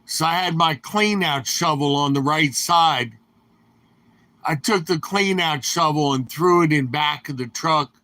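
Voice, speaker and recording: Slow-talking older man spinning yarns. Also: a little high, pushed and bright, dry recording. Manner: anecdotal, leisurely rambling. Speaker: storyteller. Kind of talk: rambling storytelling.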